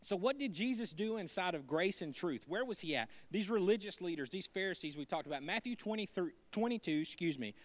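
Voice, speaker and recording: A man preaching a sermon in a church, conversational and joking, going from hushed asides to emphatic lines. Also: high-pitched, lively intonation, fairly quick, few pauses. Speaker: pastor.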